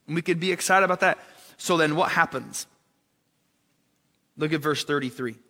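A man's voice: on the high side, moderate pace, pushed and bright. A man preaching a sermon in a conversational way, asking the congregation questions and dropping joking asides. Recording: long reverb of a large hall.

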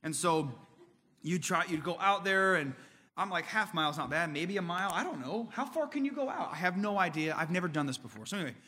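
A man's voice: high-pitched, expressive, fairly quick, bright, forceful tone, big-room sound. A man from Indiana preaching a sermon as pastor, telling stories in a casual, conversational way. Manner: conversational, storytelling.

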